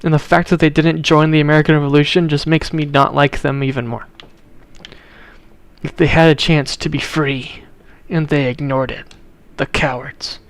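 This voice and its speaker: Gravelly man chatting while gaming. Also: fairly high pitch, fairly even intonation, moderate pace. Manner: blunt, opinionated, talks to chat viewers. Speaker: livestreamer. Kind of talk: casual chat while playing a video game.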